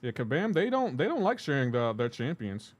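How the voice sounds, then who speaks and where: A man's voice: mid-range voice, sing-song, fairly quick. Chatty man streaming a mobile game. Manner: talks to chat viewers while playing, loose and chatty. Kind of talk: casual live-stream chat reading comments.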